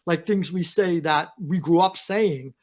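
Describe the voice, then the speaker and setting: A man, talking as a podcast guest over a video call, animated and emphatic. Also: sits high, unhurried. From United States. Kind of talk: casual chat.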